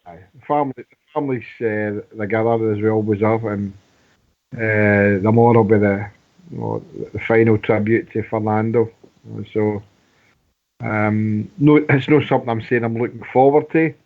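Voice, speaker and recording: A man in his sixties on a fan radio phone-in, halting and plain-spoken. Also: fairly low pitch, steady tone. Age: 60s. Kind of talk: casual fan radio chat. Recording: tinny phone line.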